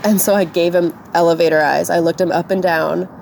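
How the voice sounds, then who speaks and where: Gravelly-voiced woman telling a story. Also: on the low side, steady tone, brisk, a little mellow, a little hiss or hum. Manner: tearful and shaken, voice breaking; casual, lots of "like". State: crying. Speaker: podcast co-host. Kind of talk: personal storytelling.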